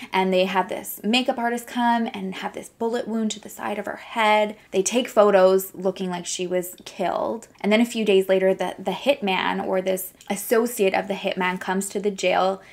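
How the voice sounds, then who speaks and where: A young woman casually narrating a true crime case, chatty and animated, with sarcastic asides. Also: medium pitch.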